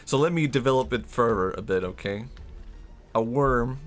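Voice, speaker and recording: A man streaming a game, riffing in an excitable, rambling way and laughing at his own ideas. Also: mid-range voice, moderate pace, faint music behind. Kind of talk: casual gameplay commentary.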